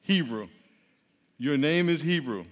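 High-voiced preacher leading call-and-response. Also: male voice, animated, measured pace. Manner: playful, teasing the congregation, leading repeat-after-me chants. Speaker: pastor. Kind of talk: interactive sermon with call-and-response. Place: church hall. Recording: long hall reverb.

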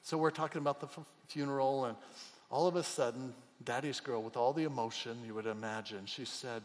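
A middle-aged man preaching a sermon as a pastor, emotional, moving between soft, hushed passages and loud, emphatic outbursts. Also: mid-range voice, brisk. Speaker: pastor and chaplain. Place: church hall. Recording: long hall reverb.

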